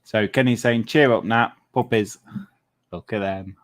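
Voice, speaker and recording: A man with a fairly low voice hosts a model-making stream in casual chat. He reads viewer comments aloud and admires the builds, often dropping to soft murmured exclamations. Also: unhurried. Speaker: livestream host of a model-making channel.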